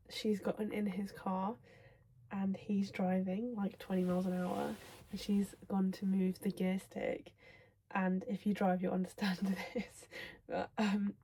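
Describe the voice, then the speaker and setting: A young woman chatting in a casual reading vlog, gushing and excitable about a book, sometimes dropping into whispers. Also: medium pitch, a little slow, slightly rough. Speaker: book vlogger.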